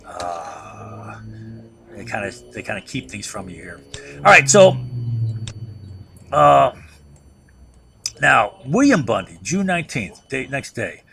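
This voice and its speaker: Gravelly-voiced man lecturing on history. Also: medium pitch, big pitch swings, slow pace, long pauses, sharp tone. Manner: keeps checking in with rhetorical "right?"; restarts and repeats words as he thinks aloud. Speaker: history teacher. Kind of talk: conversational lecture.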